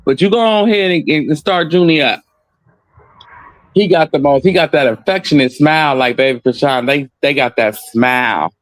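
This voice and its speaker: A man hosts a relaxed chat with a somewhat high voice. He tells teasing, lively stories. The sound is close and dry. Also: normal speed, no room sound. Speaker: host. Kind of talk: casual chat.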